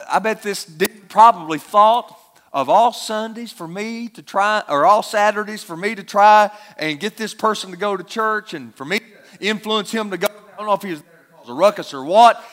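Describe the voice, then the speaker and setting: High-voiced man preaching a sermon. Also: fairly bright tone. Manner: emphatic expository preaching with rhetorical questions.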